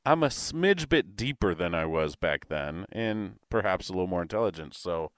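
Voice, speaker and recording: A man's voice: sits low, lively intonation, normal speed, a bit bright, no room sound, studio quality. A man co-hosting a podcast, talking in a reflective, earnest way. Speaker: podcast co-host. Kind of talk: casual chat.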